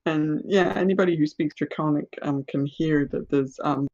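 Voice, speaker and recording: A game master narrating a tabletop game, pausing often with ums and uhs. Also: mid-range voice, fairly even intonation, a little mellow, muffled recording. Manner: halting, with many ums and uhs.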